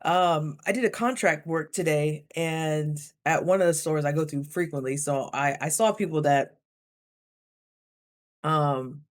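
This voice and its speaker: A young adult woman in a casual storytelling vlog, chatty and laughing often, with lively quoted asides. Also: sits low, measured pace. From Idaho. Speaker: vlogger.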